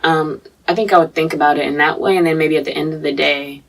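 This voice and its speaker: A woman from North Carolina with a light Southern American accent, chatting in a relaxed way as a podcast co-host and leaning on "like" a lot. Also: low voice, fast talker, vocal fry, recorded from a distance, rough recording. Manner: relaxed, chatty, many "like" fillers. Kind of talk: casual chat.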